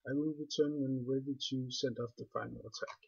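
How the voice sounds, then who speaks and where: A man with a non-native English accent, calmly explaining a game walkthrough step by step. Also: mid-range voice, fairly quick, vocal fry, slightly rough. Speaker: game guide narrator. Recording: dull lo-fi recording.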